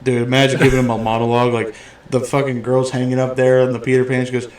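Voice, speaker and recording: A man's voice: medium pitch, fast talker. A man hosting a podcast, in a casual, blunt and profane chat about a movie. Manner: blunt, profane, animated storytelling. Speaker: podcast host.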